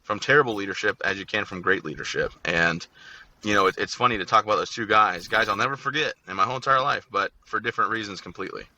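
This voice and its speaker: An Army veteran in his thirties, appearing as a guest in a casual interview, tells blunt, joking stories and talks fast. His lowish voice is bright and forceful, though the audio sounds dull.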